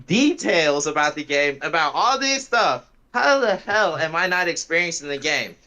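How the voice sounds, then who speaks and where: A man in a casual voice chat arguing about a game, talking fast and pushy and swearing a lot. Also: on the high side, very animated, bright, forceful tone, poor audio. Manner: argumentative, rapid-fire, swears a lot. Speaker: gamer in a voice chat. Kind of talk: heated casual banter.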